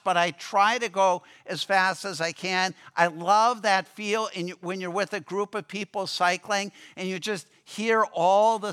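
Bright, clear-voiced pastor preaching. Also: male voice, high-pitched. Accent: Upper Midwest American. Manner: storytelling, conversational with fillers. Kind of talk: sermon. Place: church sanctuary.

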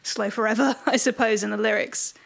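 A woman co-hosting a music podcast, talking in a casual, animated way and laughing often. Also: on the high side, a little fast, gravelly. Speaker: podcast co-host and music reviewer. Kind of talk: casual chat.

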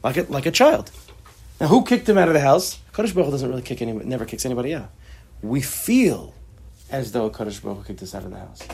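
A man teaching a class on a religious text, expressive and acting out the quotes as he explains them. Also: mid-range voice, fast talker, vocal fry, breathy edge. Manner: expressive, acts out quotes, mixes Hebrew terms. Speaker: Torah teacher.

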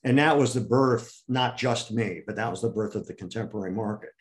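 An older man from the United States is being interviewed and tells long, winding stories. He jumps into the voices of the people he quotes, raising his pitch for the punchlines. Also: a little fast. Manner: animated, acts out quoted people with raised pitch. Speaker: interview guest. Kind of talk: storytelling in an interview.

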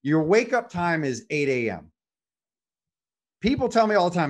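A man's voice: high voice, big pitch swings, moderate pace. A man hosting a podcast, coaching with a motivational tone and frequent rhetorical questions. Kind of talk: conversational podcast.

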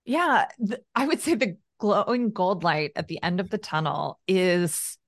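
A woman guest on an interview podcast speaks with a slightly low voice. She is measured and thoughtful, building her points and putting weight on key phrases. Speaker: author guest. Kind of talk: casual conversational interview.

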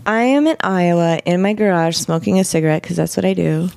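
A woman's voice: fairly low pitch, a little fast, vocal fry, no room sound. A middle-aged woman, a guest in an interview, telling a personal story frankly and animatedly, acting out what people said. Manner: frank, animated, vivid retelling with quoted dialogue.

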